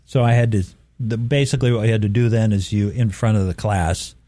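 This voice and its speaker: Mellow-voiced man telling a story on air. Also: on the low side, steady tone, brisk, no room sound. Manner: easygoing storyteller, chuckles often. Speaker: radio show host. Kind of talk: casual on-air chat.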